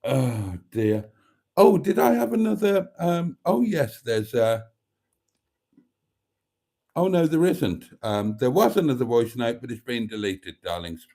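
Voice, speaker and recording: A man's voice: medium pitch, sing-song, unhurried, warm tone. A man hosting a live stream, chatting casually, reading out viewer comments and telling a long rambling joke. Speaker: livestream host.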